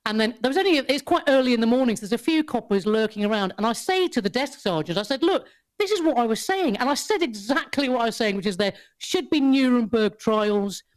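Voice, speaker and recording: A woman's voice: fairly high pitch, fast talker, hardly any pauses. Woman guest on a podcast, chatty, swears a lot, laughs a lot, keeps restarting. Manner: animated, swears freely, laughs often, many restarts. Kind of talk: casual chat, storytelling.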